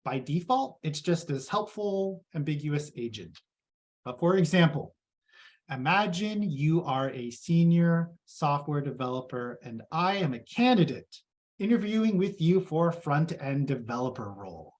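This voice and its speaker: A man's voice: fairly high pitch, lively intonation, a little slow. A man giving a casual, chatty live tech presentation and reading audience comments aloud.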